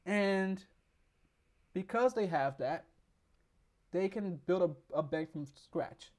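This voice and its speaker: Man, hoarse, slightly high voice, casual market explainer, rambling, reads articles aloud. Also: animated, slow pace. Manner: rambling, many restarts, reads news aloud. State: losing his voice, hoarse. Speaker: stock market video host. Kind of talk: casual explainer with screen reading.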